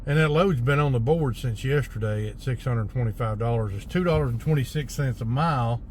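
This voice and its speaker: Male truck driver, casual vlog, easygoing drawl, mid pitch, light vehicle noise in the background. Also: a little fast. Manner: laid-back drawl, thinking aloud with fillers. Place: truck cab by the roadside.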